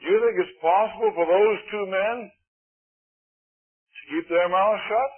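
A man preaching a sermon in a folksy, emphatic way, swinging between loud appeals and hushed asides. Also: high voice, slow, slightly rough. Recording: tinny lo-fi old recording.

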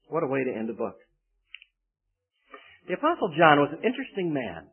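A man's voice: a little high, wildly swooping pitch, fairly quick, long pauses, slightly rough. Folksy male preacher on a tinny line. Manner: folksy storytelling, acts out quoted voices. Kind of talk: sermon with personal anecdote. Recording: tinny phone-like band.

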